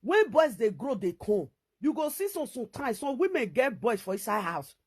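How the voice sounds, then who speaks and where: A middle-aged woman with a Nigerian Pidgin accent, ranting to camera in a scolding, repetitive, animated way as a vlogger. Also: a little high, moderate pace, slightly rough.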